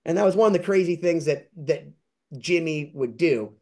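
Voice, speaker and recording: At a moderate pace, a man tells excited, wandering stories as an interview guest who collects things, putting on high voices to act out other people's words. It's casual storytelling.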